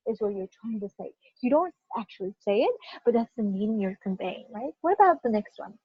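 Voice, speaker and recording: A woman teaching a pronunciation lesson to students, animated and stressing single words in example sentences, checking in often with "right?". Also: mid-range voice, fairly quick, slightly rough, no room sound. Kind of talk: classroom teaching. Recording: dull lo-fi sound.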